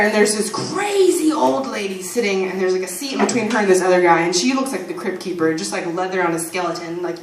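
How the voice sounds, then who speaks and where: A woman's voice: lowish voice, slight background noise. A woman in her twenties doing loose, improvised open-mic stand-up, rambling and swearing freely on a small comedy stage. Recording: echoey room, mic at a distance.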